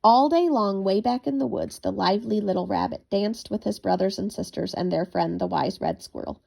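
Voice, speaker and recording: A woman reading a children's bedtime story aloud in a gentle, expressive storytelling manner. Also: medium pitch, normal speed, vocal fry.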